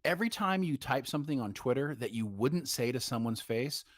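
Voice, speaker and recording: A man's voice: mid-range voice, lively intonation. A man co-hosting a casual podcast livestream, trading jokes and banter. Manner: joking banter, quick laughs. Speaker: podcast co-host.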